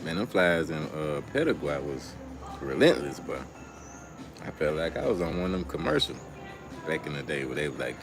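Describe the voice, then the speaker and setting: A man's voice: rumbling low, sing-song, normal speed. A young man hosting a casual livestream outdoors, telling stories in loose slang and talking to his chat. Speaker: livestream host. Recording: music playing loudly behind.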